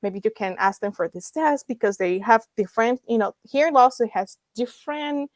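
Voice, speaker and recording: A woman's voice: a little high, moderate pace, no room sound. A woman in her thirties, a guest founding a nonprofit, telling her story in conversation, acting out dialogue and laughing often.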